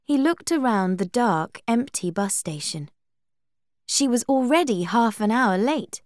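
A woman reads a storybook aloud at a slow, deliberate pace. Her pitch rises and falls a lot, and the sound is dry and close. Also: expressive, no echo. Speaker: narrator.

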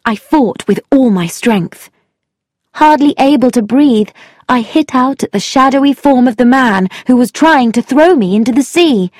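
A woman narrating a first-person story in a measured, deliberate reading voice. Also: high voice, lively intonation, darkish tone, no echo, studio quality. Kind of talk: scripted narration.

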